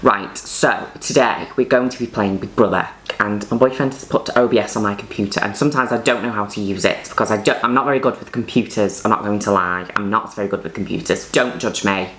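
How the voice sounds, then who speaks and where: A woman's voice: rumbling low, brisk, hardly any pauses, fairly bright tone, echoey room, a little hiss or hum. A woman hosting let's-play commentary, chatty and exclamatory. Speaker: host.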